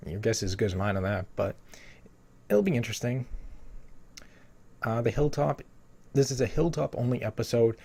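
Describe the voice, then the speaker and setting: Casually breaking down spoilers for a TV episode, a man reads bits of a summary and rambles, packing his speech with "you know" and other fillers. His medium-pitched voice is gravelly, mellow, and breathy-edged, moving at a moderate pace with frequent pauses.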